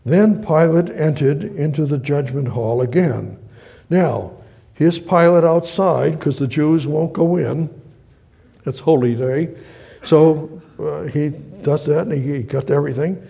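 A man preaches through the Bible verse by verse, reading passages aloud, then explaining them and sometimes acting out the voices of the speakers. His voice is slightly high, creaky and mellow, and he speaks unhurriedly.

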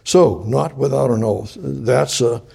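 Male preacher, Bible study teaching; gravelly, husky, halting delivery with frequent restarts. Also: mid-range voice, warm tone. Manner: halting, repeats and restarts phrases.

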